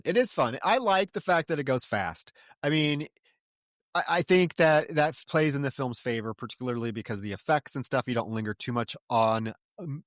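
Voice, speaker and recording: A man recaps a movie on his podcast with brash, swearing incredulity and a quick running commentary. His voice is recorded dry and close, with no room sound. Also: medium pitch, a bit bright, no room sound. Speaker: podcast co-host. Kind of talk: casual film commentary chat.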